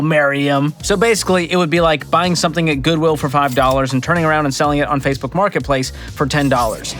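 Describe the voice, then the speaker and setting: A man in his thirties with a fairly high voice, riffing sarcastically as he reacts to clips. His delivery jumps around for comic effect, and soft music plays underneath. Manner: sarcastic, jokey, big pitch swings. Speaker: host. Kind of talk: reaction video commentary.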